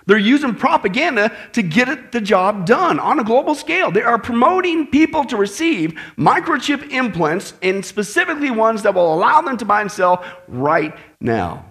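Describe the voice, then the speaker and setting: Pastor guy preaching, high voice that swoops all over, really animated. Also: normal speed, few pauses. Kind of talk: sermon.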